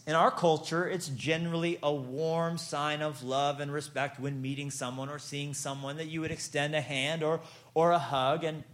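Playful pastor man, slightly high voice. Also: a bit bright. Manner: playful, storytelling, acts out exchanges. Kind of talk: humorous sermon.

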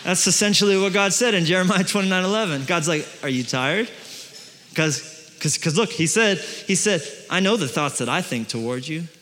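A middle-aged male pastor preaching a sermon, swinging from hushed, intimate lines to loud, emphatic declarations. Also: high-pitched, lively intonation, normal speed, a little hiss or hum. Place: large church hall. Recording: long hall reverb.

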